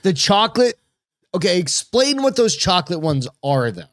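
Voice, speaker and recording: A man's voice: sits high, big pitch swings, normal speed, a bit bright, dry recording, clean studio sound. A man co-hosting a podcast in casual chat, blunt and bantering and swearing freely. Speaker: podcast co-host.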